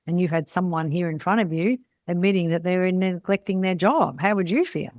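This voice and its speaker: A woman's voice: on the low side, a little fast, darkish tone, no echo. A middle-aged woman, coaching salon owners in a blunt, chatty way and often tagging her points with "right?". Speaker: salon business mentor. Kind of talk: casual coaching talk.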